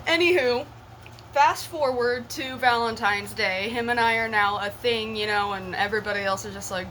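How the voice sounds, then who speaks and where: A woman's voice: on the high side, normal speed, fairly bright tone, a little hiss or hum, poor audio. A young woman vlogger telling a personal story to her viewers in a chatty, giggly way, full of slang and swearing. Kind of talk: casual storytelling to camera.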